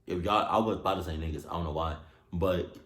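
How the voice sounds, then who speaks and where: A man in his twenties hosting a reaction video, talking casually, swearing often, with loud exclamations. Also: low voice, quick pace, reverberant. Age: 20s.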